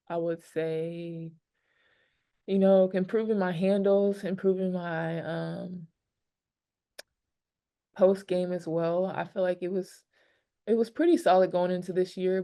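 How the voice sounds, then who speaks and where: A woman's voice: lowish voice, warm tone. A woman, a pro basketball player, answering press questions candidly and emotionally, with lots of fillers. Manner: candid, rambling with many fillers. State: emotional, near tears.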